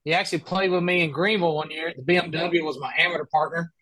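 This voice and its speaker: A man's voice: on the high side, fast. A man, a professional golfer telling casual stories as a podcast guest and acting out the people in them. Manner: animated storyteller, voices other people in his anecdotes. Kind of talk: casual storytelling.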